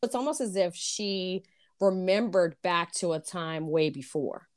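A woman hosting a podcast, asking gently probing questions. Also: fairly low pitch, a little slow, no room sound, studio quality. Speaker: podcast host. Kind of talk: interviewing.

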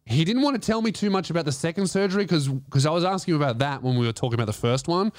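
His voice a little high with lively intonation, an Australian man rattles off stories rapid-fire on his comedy podcast, captured in clean studio sound without room sound. Casual and profane, he keeps laughing through his own tales.

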